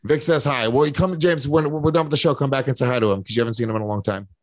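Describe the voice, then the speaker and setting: A man's voice: mid-range voice, racing. A male podcast host rambles through a loose, casual chat, swearing often and restarting his sentences. The sound is dry and close, with almost no room echo. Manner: rambling, profane, stammering restarts.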